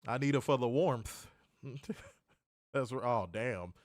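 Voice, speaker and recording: A man co-hosting a casual livestream, loud and joking. He swears freely, laughs often and swings from shouts down to mutters. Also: mid-range voice, takes it slowly, no room sound, studio quality. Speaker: livestream co-host.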